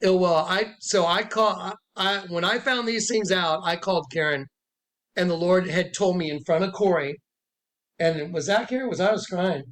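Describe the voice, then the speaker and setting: A man's voice: high voice, normal speed, a bit bright. A man telling a rambling, emphatic personal testimony to camera, repeating himself and acting out what others said. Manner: emphatic, repeats himself, acts out quotes in a raised voice. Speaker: self-styled prophet recounting a dispute.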